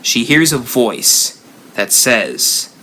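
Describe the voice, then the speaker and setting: A man hosting a live stream, telling a spooky story with lively rises and drops. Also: mid-range voice, very slow, slight background noise. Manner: animated storyteller, rising and dropping for effect. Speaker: haunt builder channel host.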